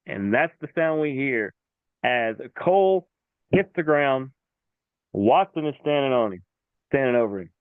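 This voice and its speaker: A man hosting a combat sports show, retelling a fight in a casual, animated way and acting out what the referee said. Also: mid-range voice, normal speed, no room sound, narrow, tinny audio. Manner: animated storytelling, acts out the referee. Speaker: podcast host.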